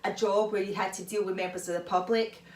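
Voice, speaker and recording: Woman chatting advice on her vlog, mid pitch, roomy echo, sounds a bit far from the mic. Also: quick pace. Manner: chatty, animated, often laughing. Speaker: vlogger giving advice. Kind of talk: casual advice talk. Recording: echoey room, mic far off.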